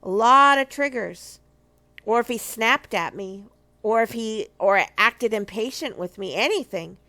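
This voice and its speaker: A woman's voice: on the high side, animated, unhurried, pushed and bright. A middle-aged woman from a marriage ministry, giving an earnest, emphatic testimony and repeating key phrases for weight. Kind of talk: personal testimony teaching.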